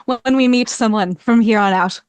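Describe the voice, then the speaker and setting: A woman's voice: a little high, normal speed, clear, resonant tone, no room sound. A woman player in a tabletop game, teasing others in a dry way.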